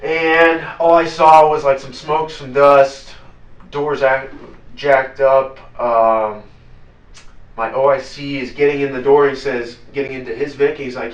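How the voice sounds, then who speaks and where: A man recounting a combat story in an interview, blunt and profane, halting often with fillers. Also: mid-range voice, little pitch movement. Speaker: interview guest, former Navy SEAL. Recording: roomy, distant, dull lo-fi sound.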